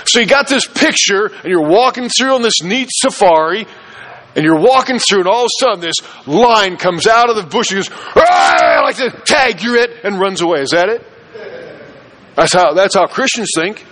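A man's voice: sits high, expressive, moderate pace, a bit bright, low-quality recording. A man preaching a sermon as pastor, emphatic, repeating key phrases and firing rhetorical questions at the congregation.

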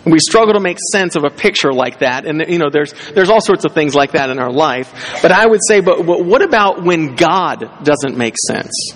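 A man's voice: a little high, in a large hall. A pastor preaching a casual, conversational sermon, often restarting his sentences.

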